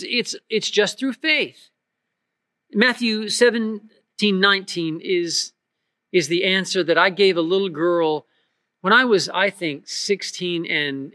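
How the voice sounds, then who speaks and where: A man's voice: sits high, bright, forceful tone, no echo, studio quality. A middle-aged man preaching a sermon in an earnest, emphatic way, often repeating words as he goes. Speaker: pastor.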